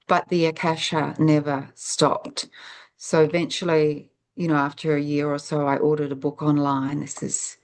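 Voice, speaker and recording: Being interviewed, a low-voiced, middle-aged woman from New Zealand recounts her story in a relaxed way. Her speech is reflective and meandering, and she cuts herself off partway through sentences with frequent "um" fillers.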